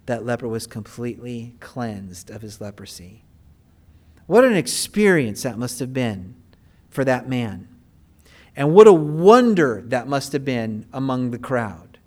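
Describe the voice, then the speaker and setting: A male pastor preaching a sermon, telling stories casually with fillers and rising bursts of emphasis. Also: on the high side.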